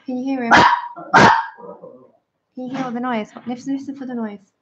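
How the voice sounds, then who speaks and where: A woman's voice: high-pitched, fairly even intonation, moderate pace. A woman giving a chatty, friendly drawing tutorial on a livestream. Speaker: art tutor. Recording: dull lo-fi livestream audio.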